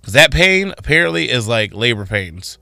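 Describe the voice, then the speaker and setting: A man co-hosting a morning radio show, telling stories with energy and slipping into high voices when quoting people. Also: moderate pace, creaky, dry recording, studio quality. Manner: animated storytelling, voicing others in high tones. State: tired after a night of drinking. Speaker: radio co-host. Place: radio studio.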